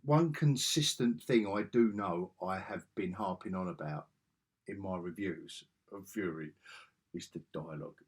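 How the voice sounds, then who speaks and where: A man's voice: low-pitched, a little slow, husky. A man giving a casual video review, ranting sarcastically and exasperatedly, with frequent restarts. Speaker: film reviewer.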